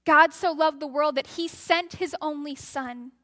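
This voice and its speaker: A woman's voice: high-pitched, unhurried, pushed and bright. A woman preaching a sermon, telling a story and acting out the voices of the crowd.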